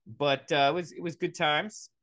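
A man's voice: on the high side, steady tone, normal speed, fairly bright tone, no room sound. A young man hosting a podcast, ranting in a sarcastic, profane, rambling way into a close mic. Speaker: podcast host. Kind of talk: comedic solo rant.

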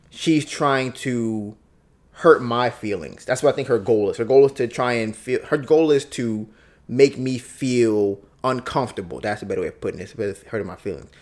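A man hosting a podcast alone, talking through his thoughts in a casual, reflective way, often repeating himself and acting out both sides of an argument. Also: medium pitch. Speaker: podcast host. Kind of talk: solo casual monologue.

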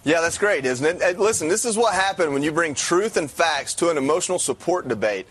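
A man's voice: fairly high pitch, expressive, a little fast, fairly bright tone, breathy edge. A man co-hosting a podcast, delivering pointed, emphatic opinion commentary. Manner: pointed and emphatic, with blunt verdicts.

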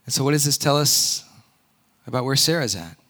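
A man preaching a sermon, conversational and earnest, often rising to loud emphatic peaks. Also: mid-range voice, expressive, a little fast. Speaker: pastor.

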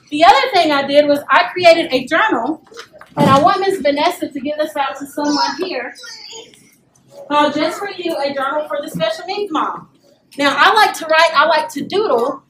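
A young woman giving a lively motivational talk to a live audience, often acting out voices and asking them to respond. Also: high-pitched. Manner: animated, acts out voices and calls for audience response. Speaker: speaker at a parent event. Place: meeting room with live audience. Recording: echoey room, distant mic, faint noise.

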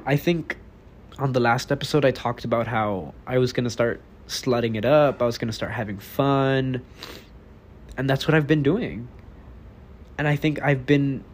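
A man's voice: mid-range voice, slight background noise. An eighteen-year-old man from Texas hosting his own podcast, talking alone in a rambling, blunt, profane way. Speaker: podcast host. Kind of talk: casual solo podcast monologue.

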